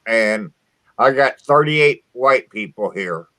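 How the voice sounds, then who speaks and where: A man's voice: mid-range voice, expressive, takes it slowly, pushed and bright, dry recording. A man from southern Indiana hosting a casual chat, swearing freely and stumbling over restarts. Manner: profane, stammering restarts. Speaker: podcast host.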